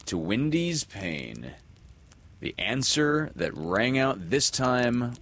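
A man reading a children's story aloud in an expressive, lilting storyteller manner. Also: mid-range voice, takes it slowly. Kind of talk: storybook read-aloud narration.

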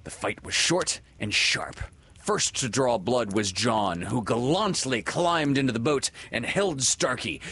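Slow, expressive male storyteller. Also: mid-range voice, husky. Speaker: narrator. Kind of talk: storybook reading.

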